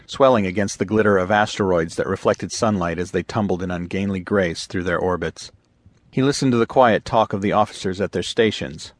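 A man narrating a science fiction audiobook in a steady, even storytelling manner. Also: low voice, no room sound. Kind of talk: scripted narration.

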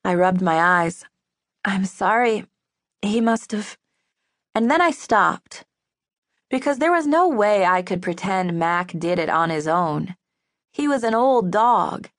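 A woman narrating a novel in the first person, even and measured, recorded in a studio booth. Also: mid-range voice, no room sound. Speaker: audiobook narrator. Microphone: studio microphone.

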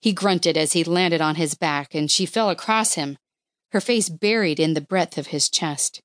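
A woman narrating an audiobook with a measured, expressive reading. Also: low voice, no room sound, clean studio sound. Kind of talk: scripted narration of a historical romance.

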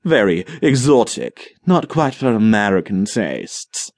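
A man's voice: mid-range voice, very animated, normal speed, no echo. A man voicing a grandiloquent, professorial older colony leader who talks in a rhetorical, dramatic way.

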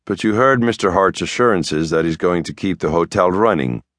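A man voicing a brisk, smooth-talking female lawyer, cool and increasingly impatient. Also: low voice, fairly bright tone, dry recording, studio quality. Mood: curt. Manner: smooth, curt, grows impatient. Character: brisk, slippery woman lawyer, middle-aged.

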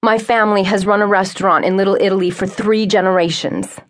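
A woman's voice: mid-range voice, steady tone, quick pace, close to an everyday voice. A woman voicing an earnest young job applicant. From Brooklyn, New York. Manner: earnest, pleading.

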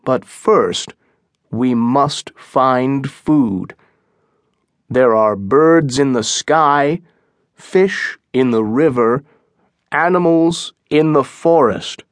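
Give me a man reading a blunt, stern colony leader in an audiobook, very slow and dry. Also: mid-range voice, no echo. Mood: firm. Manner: firm and blunt. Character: stern, commanding male English colony leader.

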